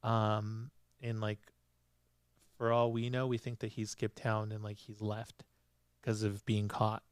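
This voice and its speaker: A man's voice: on the low side, monotone, slow, smooth, dry recording, studio quality. A young man hosting a solo podcast, chatting casually and laughing often as he recaps episodes. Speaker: podcast host.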